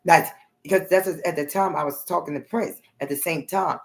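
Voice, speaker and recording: A woman's voice: deep voice, brisk, creaky. A woman vlogger telling a long personal story in a rambling, blunt way, often adding okay and honey.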